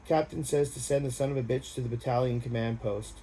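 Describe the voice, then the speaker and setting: A man doing a gruff, cursing army sergeant. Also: mid-range voice, steady tone, brisk, dark tone, a little hiss or hum, natural voice. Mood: blunt. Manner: blunt, profane.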